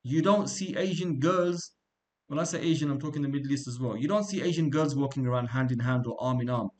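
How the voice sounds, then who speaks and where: A man's voice: medium pitch, a little fast. A man from England lecturing a small class with a mid-range voice. He talks loosely and off the cuff, drifts into asides and checks in with the room with questions like "right?". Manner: conversational, digressive, asks the class questions. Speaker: religious studies teacher.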